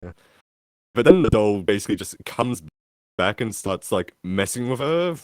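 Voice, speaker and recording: This podcast co-host has a lowish, darkish voice and is very animated, talking at a moderate pace. His rambling, casual chat is full of fillers and restarts, recorded in clean studio sound with no room noise.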